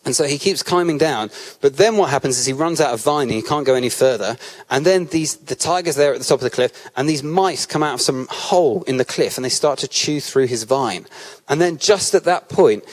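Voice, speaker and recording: A man's voice: mid-range voice, expressive, a little fast. A man with a British accent giving a sermon at a church, talking casually and telling personal stories, often restarting his sentences. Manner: conversational storytelling with frequent restarts. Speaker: church speaker.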